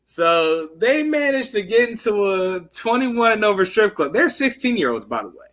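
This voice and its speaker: High, bright-voiced man telling a story. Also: big pitch swings, moderate pace. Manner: loose, profane storytelling full of fillers. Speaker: podcast co-host. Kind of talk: casual chat recapping a TV show.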